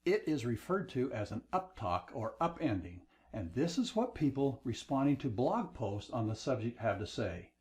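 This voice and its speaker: A man giving a scripted talk on leadership communication, with an emphatic, expressive delivery. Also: mid-range voice, normal speed, few pauses.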